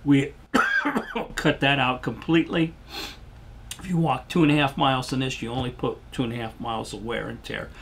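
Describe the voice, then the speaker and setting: A man's voice: medium pitch, wildly swooping pitch, moderate pace, vocal fry, fairly bright tone, a little hiss or hum. An older man giving a rambling, folksy product demonstration as a shoe salesman, losing his voice and coughing now and then.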